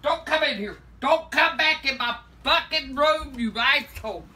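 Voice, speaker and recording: A woman's voice: sits high, unhurried, pushed and bright, distant mic. An older woman, a grandmother at home, scolding and swearing nonstop in a cursing rant. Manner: foul-mouthed, scolding, swearing constantly. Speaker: grandmother being pranked. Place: at home indoors.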